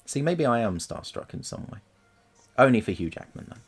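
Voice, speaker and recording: A man's voice: medium pitch, very animated, a little fast, husky, soft background music. A man, chatting casually and jokingly while streaming himself painting miniatures. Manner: chatty, jokey, rambling. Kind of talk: casual chat.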